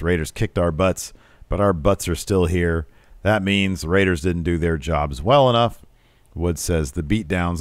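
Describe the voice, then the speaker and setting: A man's voice: no room sound, clean studio sound. A man co-hosting a podcast, casually recapping wrestling matches and acting out quoted lines with big jumps in his voice. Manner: animated, mimics quoted wrestlers with pitch jumps. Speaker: podcast co-host.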